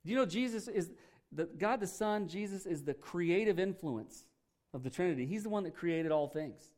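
A man's voice: sits high, animated, normal speed, darkish tone. A male pastor preaching a sermon in an emphatic, folksy way, firing rhetorical questions at his congregation.

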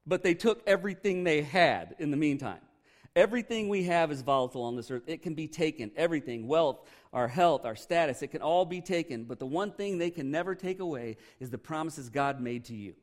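A man's voice: a little high, lively intonation, fairly quick. A man, a pastor preaching a conversational sermon with candid, joking asides.

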